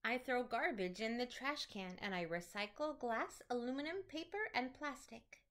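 A woman teacher reading picture books aloud to children in an animated, sing-song storytelling manner. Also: on the high side, moderate pace.

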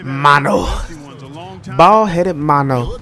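A young man with a slightly higher voice gives loose, playful commentary over a basketball video game. He trash-talks the other team and laughs often. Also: expressive, very slow, pushed and bright. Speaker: gaming commentator. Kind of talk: casual gameplay commentary.

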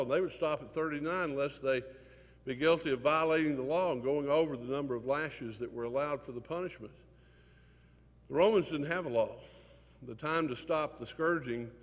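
An older man, teaching a Sunday class in an earnest, emotional way, with many pauses and fillers. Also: fairly high pitch, fairly bright tone. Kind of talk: sermon. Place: church classroom. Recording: hall reverb.

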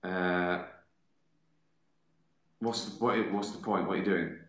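A man's voice: sits low, steady tone, slow, a bit bright, reverberant. A man hosts a casual live stream from home, answering viewer questions in a sardonic, swearing, rambling way. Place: at home, sitting with a beer.

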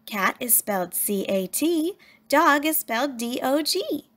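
A woman voicing a patient, kindly female schoolteacher who speaks clearly, as if explaining a lesson. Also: sits high, lively intonation, a little slow, fairly bright tone, pitched above the performer's own voice. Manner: clear and instructive.

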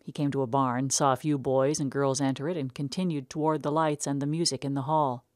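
A woman narrating a short story in a measured, unhurried way. Her voice sits low. The sound is dry and close, as from a studio booth. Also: fairly even intonation, a little mellow, dry recording.

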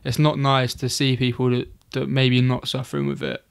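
A man's voice: medium pitch, very animated, normal speed, creaky, clean tone. A man in casual podcast chat, earnest, often asking "you know what I mean".

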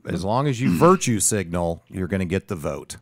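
A man co-hosting a casual radio talk show, agreeable and quick to laugh. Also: sits low, very animated, dry recording, clean studio sound. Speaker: radio co-host.

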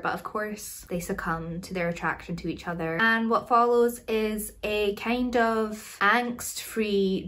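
Brief: young woman, host of a book vlog, chatty and self-deprecating, medium-pitched voice. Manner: chatty, self-mocking, with laughs. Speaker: book reviewer. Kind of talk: casual chat to camera.

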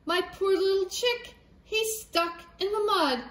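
A frantic mother hen from a children's storybook squawks in a very high, shrill voice, as a woman puts her on. She is panicky and pleading, and the sound carries the echo of a roomy space. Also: slow, a bit bright, full character voice. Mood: distressed. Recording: echoey room.

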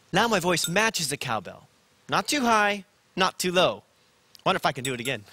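A man's voice: a little high, very animated, moderate pace, noisy background. Sing-song man presenting children's TV. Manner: bouncy, sing-song, talking to the audience. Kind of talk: playful children's TV talk. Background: loud backing music.

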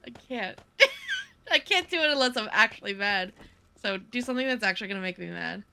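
A woman's voice: medium pitch, lively intonation, a little fast, vocal fry, crowd noise. A woman in casual multiplayer game chat, playful and bickering, snapping back at teasing.

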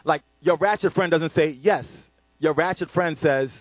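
Husky animated male panelist. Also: fairly high pitch, moderate pace, no room sound, dull audio. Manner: animated, emphatic, repeats "right?". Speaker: panelist and author. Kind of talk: panel discussion talk.

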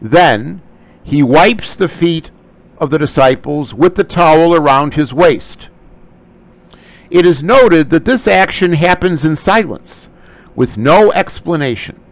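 A man's voice: a little high, no room sound, poor audio. A man teaching a scripture lecture, explaining Greek terms closely. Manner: slow, animated delivery. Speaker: Bible study teacher.

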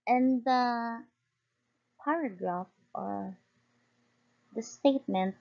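A young woman student giving a class report, reading from notes with small slips and quick apologies. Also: mid-range voice, lively intonation, a little mellow. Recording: dull lo-fi recording.

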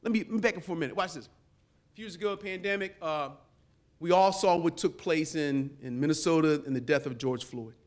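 A middle-aged man, a pastor, preaching a lively sermon to a live audience, calling for responses and swinging from quiet asides to shouts. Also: on the high side, fairly quick. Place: conference hall before a live audience.

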